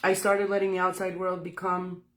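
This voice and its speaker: A woman's voice: on the low side, monotone, normal speed. A woman giving a casual livestream talk as a spiritual speaker. She talks candidly and swears freely as she tells her story. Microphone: phone.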